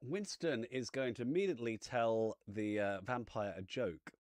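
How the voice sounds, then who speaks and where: A man's voice: mid-range voice, normal speed, dry recording, clean studio sound. A man playing a tabletop game, announcing his character's actions step by step in third person, playful in manner. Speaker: player.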